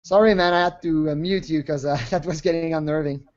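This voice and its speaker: A man's voice: a little high, steady tone, a little fast, a little mellow. A man hosting a casual group call chat, laughing often and apologizing a lot. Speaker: show host. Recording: lo-fi call audio.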